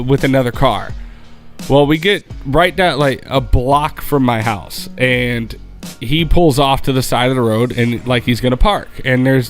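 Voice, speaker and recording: A man co-hosting a podcast, telling a story in casual chat, animated and profane, acting out what people said. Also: a little high. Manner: animated, profane, acts out quoted dialogue. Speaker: podcast co-host.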